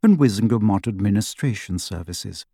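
A man's voice: on the low side, animated, normal speed, dark tone, husky, dry recording, clean studio sound. A man reading an audiobook, voicing the formal, disembodied female announcer of a magical lift.

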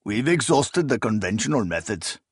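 A man voicing a cold, calculating male sorcerer spymaster who speaks in a calm, measured, quietly menacing way in an audiobook. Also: on the low side, slightly rough, dry recording, clean studio sound.

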